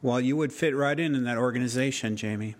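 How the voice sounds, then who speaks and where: A man talks through a podcast episode in easy, casual chat, wry and joking as he rambles. He often restarts his sentences midway. His voice sits at an ordinary middle pitch for a man. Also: quick pace. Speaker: podcast co-host.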